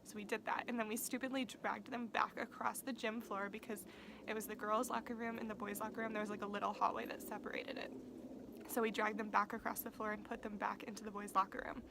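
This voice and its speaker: A young woman vlogger telling a casual storytime, talking fast and swearing freely, saying "like" all the time. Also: mid-range voice, little pitch movement, gravelly, background noise. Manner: profane, fast-talking, uses "like" constantly.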